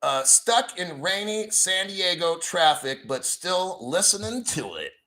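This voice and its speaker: Homem americano explosivo e desbocado. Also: male voice, high-pitched, very animated, measured pace, sharp tone, rough recording. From United States. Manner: foul-mouthed, combative, rambling. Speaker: crypto livestream host. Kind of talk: profane ranting livestream talk.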